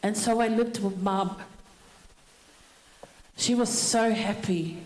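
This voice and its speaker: A middle-aged woman giving a personal eulogy at a family funeral service, telling her story slowly with many pauses. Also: mid-range voice, steady tone, darkish tone. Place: church hall. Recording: echoey church hall.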